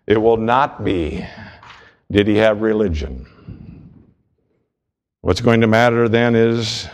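A man preaching a sermon, earnest and storytelling, driving points home through repetition. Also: lowish voice.

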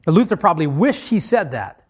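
A man's voice: fairly high pitch, big pitch swings, a little fast, slightly rough. A man preaching a sermon, explaining points to his congregation in a conversational way.

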